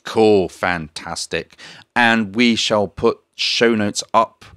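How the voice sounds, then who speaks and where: A man's voice: lowish voice, takes it slowly, clean tone, no room sound, clean studio sound. A young man co-hosting a language-lesson podcast, telling stories animatedly and often laughing. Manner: animated storyteller, laughs often, acts out voices. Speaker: podcast co-host. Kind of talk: casual language-lesson chat.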